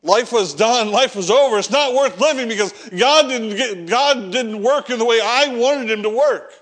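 A man's voice: very high-pitched, moderate pace, a bit bright. A man preaching a sermon, reading scripture and acting out the prophet's prayers, repeating words as he builds each point. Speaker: pastor.

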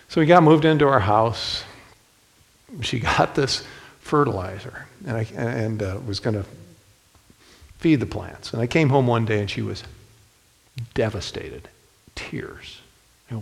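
A man's voice: medium pitch, expressive, a little slow, creaky, pauses often, long reverb tail. A man preaching a sermon in a folksy storytelling manner, speaking directly to the men in the congregation. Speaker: pastor.

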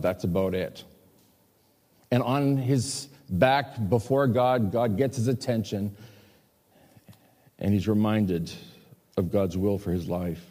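A man preaching a sermon as pastor, telling stories with lively acted-out quotes. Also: lowish voice. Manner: animated storytelling with acted quotes. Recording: long hall reverb.

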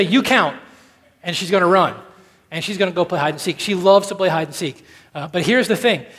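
A male pastor with a high voice delivers a sermon in a church hall, and his words ring out with a long reverb. He tells a story, rising to loud urgency and then dropping to a hushed, soft delivery. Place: church sanctuary.

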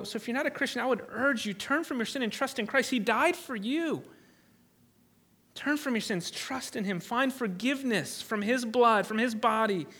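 A man's voice: extremely high pitch, bright, forceful tone. A man preaching a sermon as a pastor, earnest and emphatic, often restarting his words.

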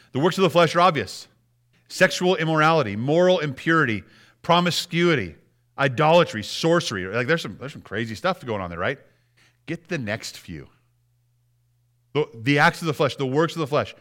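A man's voice: fairly high pitch, bright, forceful tone. A man preaching a sermon as pastor, talking conversationally and asking the congregation frequent rhetorical questions.

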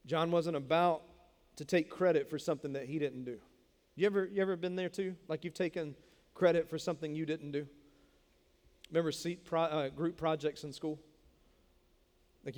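This preacher's voice is a little high and a little mellow. His sermon feels like a relaxed conversation, with jokes for the audience and frequent repeated words while he explains. The sound carries the long reverb of a big hall.

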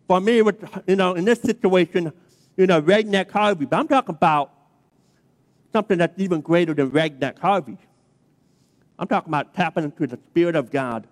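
A man's voice: sits high, brisk. A man preaching a sermon as a pastor, telling a story in a chatty way, keeps checking in with the crowd, then builds to emphatic preaching. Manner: chatty storytelling, checks in with "okay?" and "all right?". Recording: long reverb of a large hall.

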